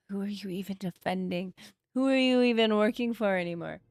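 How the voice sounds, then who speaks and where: A woman's voice: medium pitch, a little fast, darkish tone, dry recording, clean studio sound. A woman game streamer chatting casually while she plays, rambling, trailing off and poking fun at herself. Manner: chatty, rambling, self-deprecating, trails off and restarts. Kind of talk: casual livestream chat while gaming.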